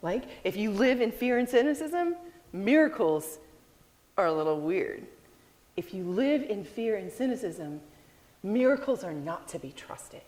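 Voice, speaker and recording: A woman preaching a sermon, telling a story with expressive delivery and acting out the people in it. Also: medium pitch, measured pace, big-room sound.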